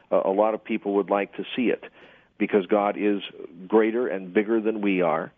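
Husky-voiced pastor on a phone line. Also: male voice, fairly low pitch, dry recording. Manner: measured, explanatory, with hesitations. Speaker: pastor and guest theologian. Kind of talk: radio talk show answers.

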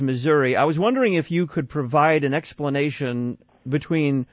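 A male radio talk show host who speaks in halting, repeated phrases as he reads listener questions. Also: medium pitch, no room sound, lo-fi sound. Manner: hesitant, repeats words while building sentences. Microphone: studio microphone.

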